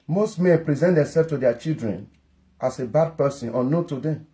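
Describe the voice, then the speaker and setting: Slow, mellow-voiced man giving parenting advice. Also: fairly high pitch. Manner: earnest, lecturing, repetitive. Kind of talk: advice monologue.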